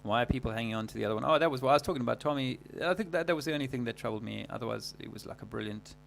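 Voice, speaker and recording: Guy on a livestream, gravelly voice, rambles and restarts a lot, faint hum behind. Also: medium pitch. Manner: rambling, halting, many fillers and restarts. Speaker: livestream host. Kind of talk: casual livestream monologue.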